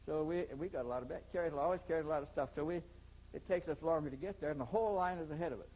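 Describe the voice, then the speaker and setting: A man's voice: on the high side, racing, darkish tone, slightly rough, poor audio. An older man, an interview guest, telling a long story in a rambling way, repeating words and acting out the dialogue.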